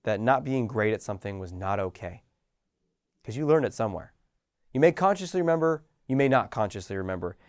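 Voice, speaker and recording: Animated, casual man with a lively voice. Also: on the low side, brisk, clear, resonant tone, no echo, studio quality. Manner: casual and animated, acting out little scenes with sighs and laughs. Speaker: coach. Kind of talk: motivational talk to camera.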